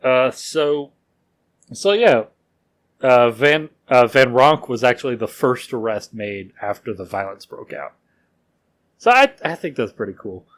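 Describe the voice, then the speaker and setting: A man's voice: mid-range voice, animated, measured pace. A man co-hosting a podcast, telling a history story in a casual way, laughing often and using loose fillers. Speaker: podcast co-host.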